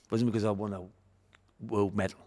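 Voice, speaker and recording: A man in his forties with an English accent, a guest on a podcast, telling his own life story in animated bursts and acting out his past thoughts. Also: fairly low pitch, quick pace, long reverb tail. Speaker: guest, martial arts champion.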